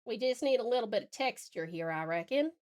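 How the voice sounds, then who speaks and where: A high-voiced Australian woman chatting on a live drawing stream, her pitch bouncing all over as she laughs often. Between bursts of chatter she drops to soft muttering while she works. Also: animated, fairly quick. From Tasmania, Australia. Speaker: art streamer.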